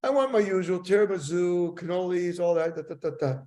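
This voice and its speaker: A man imitating an older male friend who briskly orders dessert as a regular at a restaurant. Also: high voice, warm tone, natural voice. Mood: breezy.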